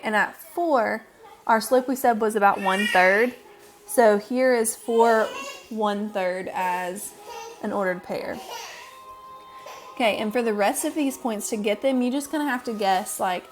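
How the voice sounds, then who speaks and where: A woman math teacher casually explaining a lesson step by step over a screen recording, patient and full of fillers. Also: mid-range voice.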